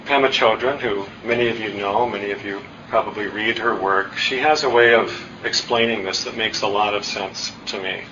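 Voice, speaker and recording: A middle-aged man giving a dharma talk at a meditation center, telling stories in a self-deprecating, unhurried way. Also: on the low side. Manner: warm, self-deprecating storytelling with pauses. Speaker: guest dharma teacher. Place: meditation hall. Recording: distant, dull room recording with faint noise.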